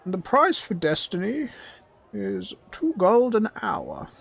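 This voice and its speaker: A woman's voice: medium pitch, wildly swooping pitch, takes it slowly, gravelly, slightly rough, pitched above the performer's own voice, heavily acted. A man voicing a grumpy female goblin receptionist in a tabletop game, curt and grumbling.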